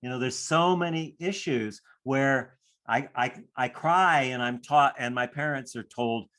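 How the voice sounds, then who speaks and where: A man leads a class on handling stress, his voice sitting at an ordinary middle pitch. He talks in a reflective way and slips into short acted inner voices to make his points. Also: measured pace, fairly bright tone. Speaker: stress coach. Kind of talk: teaching a class.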